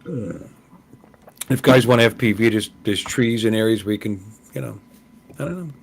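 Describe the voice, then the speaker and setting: A man's voice: on the low side, normal speed, creaky, breathy edge. A man hosting a casual live stream hangout, chatty and greeting viewers, often repeating words as he thinks. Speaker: host of a live hangout show. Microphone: live stream call.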